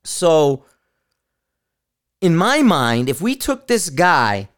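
Smooth-voiced man, rambling and excited. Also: fairly high pitch, very slow. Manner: excited, rambling, swears often. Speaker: podcast host. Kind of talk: casual talk about shooting.

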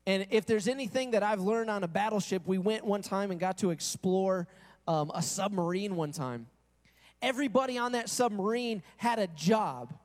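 A man's voice: high-pitched, normal speed. A male pastor preaching a sermon to his congregation in a conversational way, asking them questions and acting out quoted voices. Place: church sanctuary. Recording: long reverb in a church hall.

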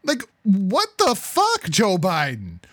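A fired-up man co-hosting a political podcast, cursing freely and swinging from loud outbursts to low asides. His pitch runs a touch high and leaps around a lot. The tone is bright and sharp, and the sound is close and dry. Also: wildly swooping pitch, takes it slowly, no echo. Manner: profane, exasperated, swings from loud outbursts to muttering. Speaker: podcast co-host. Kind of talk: heated political talk.

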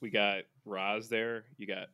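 A man's voice: fairly low pitch, level tone, unhurried, smooth, no room sound, dull audio. A man co-hosting a podcast in casual sports chat, rambling with lots of fillers and restarts. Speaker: podcast co-host.

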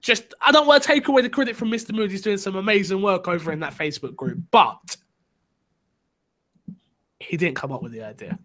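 A man's voice: high voice, expressive, brisk, long pauses, pushed and bright. A man co-hosting a gaming podcast, chatting casually with an upbeat manner and reading out listener emails. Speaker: podcast co-host.

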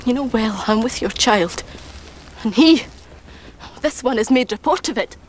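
Desperate pregnant servant girl, high pleading voice, noisy film clip. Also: lively intonation, a little slow. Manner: pleading, distressed. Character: young pregnant serving woman, desperate. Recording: film clip with clear background noise.

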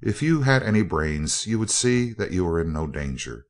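A man reading a cold male scientist villain in a spoken story. He speaks in a very deep voice, with a cool, even, clipped delivery. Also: moderate pace. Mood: coldly calm. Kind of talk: audiobook character voice.

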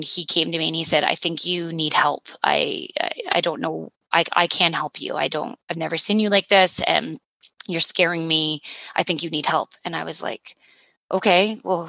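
Low-voiced woman telling a hard story. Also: a bit bright, dry recording. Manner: earnest, halting, many restarts and fillers. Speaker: paramedic. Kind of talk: personal story in a podcast interview.

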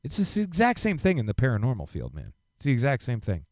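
A man co-hosting a podcast, ranting in a casual, profane, animated way. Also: medium pitch, fast talker, dry recording, clean studio sound. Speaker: podcast co-host. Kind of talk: casual chat.

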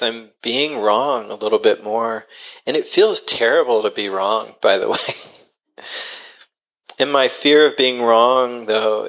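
A man's voice: medium pitch, creaky, fairly bright tone, rough recording. A man in his forties preaching a sermon, earnest and self-deprecating, with sighs and casual asides. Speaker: pastor.

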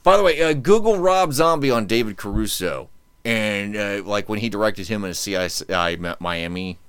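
A man hosting a podcast in casual, joking chat, animated and quick to ham up lines. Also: on the low side, clean tone, dry recording. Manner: animated, joking, reads quotes in mock-dramatic tones. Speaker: podcast host.

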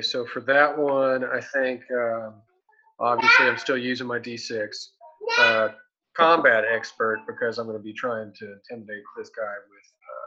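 A man's voice: mid-range voice, sharp tone, husky, muffled recording. A man playing a tabletop game, chatting casually and thinking aloud as he counts his dice.

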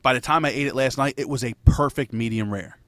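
A man's voice: medium pitch, quick pace, no room sound, clean studio sound. A man in casual chat, telling a rambling, profanity-laced story and laughing between lines.

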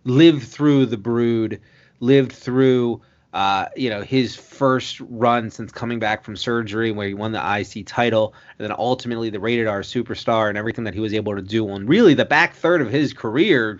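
A man's voice: mid-range voice, normal speed. Laid-back man co-host, lo-fi. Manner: laid-back, short agreeing replies, builds up to enthusiastic runs. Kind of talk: casual wrestling chat.

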